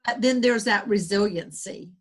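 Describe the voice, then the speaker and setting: A guest author with a Southern US accent speaks earnestly in a rambling conversational interview, restarting her sentences often. She has a mid-range voice and a moderate pace.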